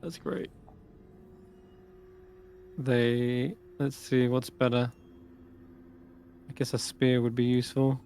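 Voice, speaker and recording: Slow-talking man running a game. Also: mid-range voice, level tone, a little mellow, faint music behind. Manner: unhurried, thinking aloud with pauses while running combat. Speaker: game master. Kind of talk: narrating a live-streamed tabletop game.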